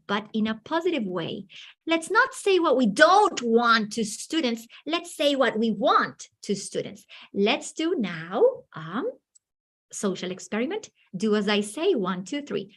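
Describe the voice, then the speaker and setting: Animated woman leading an online workshop. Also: a little high, a little slow. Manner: lively, animated, acts out children's voices. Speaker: teacher trainer. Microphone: video call.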